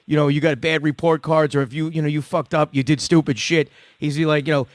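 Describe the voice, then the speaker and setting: A man's voice: fairly high pitch, flat delivery, brisk, no room sound. Profane middle-aged man hosting. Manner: profane, rambling, loose storytelling. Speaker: podcast host. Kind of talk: casual call-in chat.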